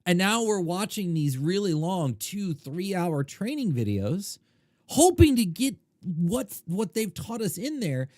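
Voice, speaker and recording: A middle-aged man talks casually to his listeners as a podcast host. His pitch jumps around a lot, and he gets loud and then drops low. The close mic sounds dry, with no room echo. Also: measured pace. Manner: animated, conversational, swings loud and quiet. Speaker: podcast host, poker coach. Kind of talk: casual storytelling monologue.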